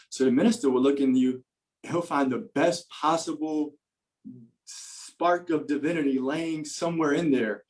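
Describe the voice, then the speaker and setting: A man's voice: fairly high pitch, measured pace, darkish tone, poor audio. A man telling an earnest personal testimony as a podcast guest, with many fillers and restarts.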